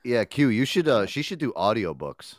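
A male host keeps the chat rolling with an animated, swooping delivery and easy, profane banter. His voice sounds close and dry, with no room around it. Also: medium pitch, normal speed, no echo. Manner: loose, swearing banter. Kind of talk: casual chat.

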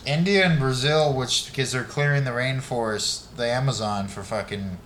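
A man's voice: mid-range voice, normal speed, a bit bright, a little hiss or hum. A man co-hosting a podcast in loose, laughing banter with plenty of swearing. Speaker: podcast co-host. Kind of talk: casual podcast chat.

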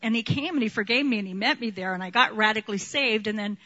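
A woman preaching a sermon and sharing her testimony, animated, laughing often and acting out quotes. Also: on the high side, fast talker, muffled recording.

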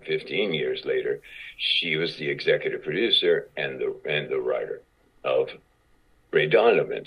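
A man being interviewed as an actor guest, telling stories in a halting, casual way, often repeating words and acting out quotes. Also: a bass voice, husky. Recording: dull lo-fi audio.

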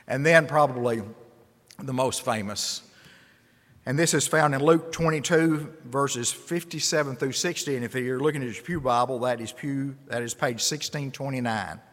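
A man's voice: medium pitch, normal speed, fairly bright tone. A man preaching a sermon as a pastor, earnest and rising to emphatic bursts. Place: church sanctuary. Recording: long hall reverb.

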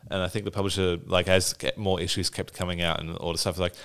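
Deep voiced guy on a podcast, keeps restarting sentences, says like a lot. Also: flat delivery, fairly bright tone, clear, resonant tone. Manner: halting, many restarts and "like"s. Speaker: podcast panelist. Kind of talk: casual podcast chat. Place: around a table with two others.

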